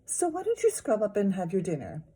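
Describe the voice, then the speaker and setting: A woman voicing a practical, gentle mother who speaks in a matter-of-fact way. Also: medium pitch, huge pitch swings, fairly quick, husky.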